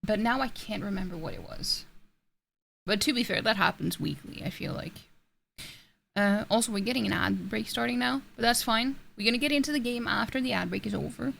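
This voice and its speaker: Gravelly-voiced woman streamer. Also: a little high, brisk, a bit bright, slight background noise. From Norway. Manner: rambling, self-interrupting, laughs often. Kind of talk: casual chat reading out chat messages. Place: home streaming setup.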